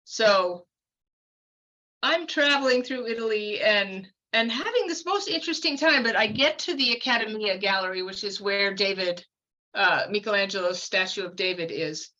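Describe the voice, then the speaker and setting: A woman's voice: mid-range voice, animated, moderate pace, pushed and bright, muffled recording. A woman in her fifties telling a long personal story as a podcast guest, chatty and meandering, full of fillers and asides. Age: 50s. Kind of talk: casual storytelling.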